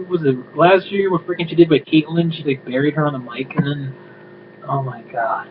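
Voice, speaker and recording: A man's voice: medium pitch, fairly quick. Man ranting over a tinny line. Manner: ranting, profane, exasperated asides. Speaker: show reviewer. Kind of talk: casual spoken review. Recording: tinny phone-like audio with noise.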